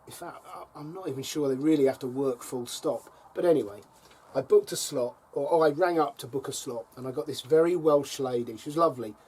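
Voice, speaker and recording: Husky, wry middle-aged man chatting. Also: mid-range voice, brisk, few pauses, a little mellow. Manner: wry, chuckling storyteller with dry jabs. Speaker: allotment vlogger. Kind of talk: casual chat to camera. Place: allotment plot by a fire.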